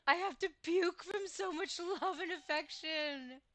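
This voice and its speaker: A woman's voice: very high-pitched, unhurried, fairly bright tone, no room sound. A woman streamer chatting casually while gaming, gushing, giggling and exclaiming often.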